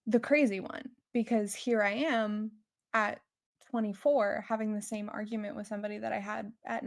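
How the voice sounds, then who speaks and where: Podcast guest, woman in her twenties, even-toned, reflective and supportive, lots of fillers. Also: mid-range voice, creaky. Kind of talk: casual heartfelt chat.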